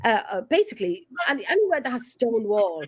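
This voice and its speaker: An Irish woman with an Irish accent hosts a casual chat, chatty and lively as she greets viewers and reads their comments. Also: a little high, a little fast, husky. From Ireland. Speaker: host.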